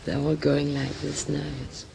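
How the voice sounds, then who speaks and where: Woman, actress, gravelly voice, halting, faint tape hiss. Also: low-pitched, flat delivery, mellow. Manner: halting, searching for words, many restarts. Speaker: actress and director, interview guest. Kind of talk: casual interview talk.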